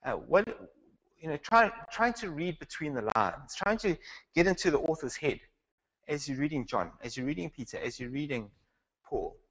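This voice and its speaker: A man's voice: on the high side, very animated, moderate pace, fairly bright tone, low-quality recording. A man teaching a Bible class in a conversational lecture style, asking the class questions and restarting his sentences. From South Africa.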